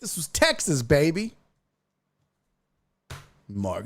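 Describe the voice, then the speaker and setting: A man's voice: mid-range voice, slow, no echo. A man hosting a casual live-streamed sports show, ranting and cursing freely. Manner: profane, ranting, animated.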